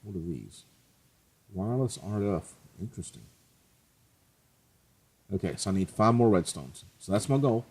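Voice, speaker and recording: Husky low-voiced man narrating gameplay. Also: sing-song, normal speed, pauses often, darkish tone. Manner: chatty, joking, self-mocking. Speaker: let's play host. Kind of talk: casual gameplay commentary.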